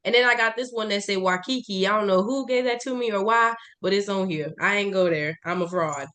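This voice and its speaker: A woman co-hosting a podcast in casual chat, jokey and quick to tease. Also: mid-range voice, a bit bright. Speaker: podcast co-host.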